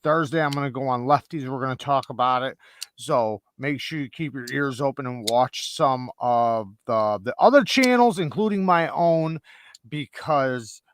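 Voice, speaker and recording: A man's voice: mid-range voice, normal speed, a little hiss or hum. A man from the Chicago area hosting a livestream, chatting loosely and swearing. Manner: loose, profane, upbeat announcer of giveaways. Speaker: livestream host. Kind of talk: casual chat.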